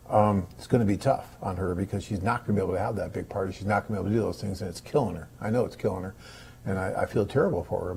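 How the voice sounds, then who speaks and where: A man's voice: medium pitch, warm tone, breathy edge. A middle-aged man hosting a live webcast, answering viewer questions in a chatty, upbeat and reassuring way, with many filler words. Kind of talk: casual live Q&A.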